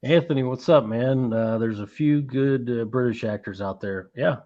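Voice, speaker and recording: A man's voice: medium pitch, normal speed, dark tone. A man hosting a casual movie-collecting live stream, rambling, swearing freely and reading out chat messages. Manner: rambling, profane, reads chat aloud. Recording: dull lo-fi stream audio.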